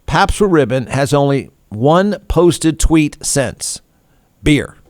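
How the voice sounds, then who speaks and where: A man's voice: fairly high pitch, animated, slow, a little mellow, no room sound, clean studio sound. A man hosting a talk show, ranting in a snarky, irreverent way and laughing at his own jokes. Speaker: radio show host. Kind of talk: comedic talk show rant.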